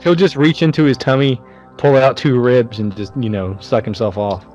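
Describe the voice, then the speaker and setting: A man's voice: mid-range voice, fairly even intonation, moderate pace, a little mellow, dull audio, soft background music. A man co-hosting a casual movie podcast, crude and joking, acting out scenes in silly voices. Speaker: podcast co-host. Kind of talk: casual movie chat over beer.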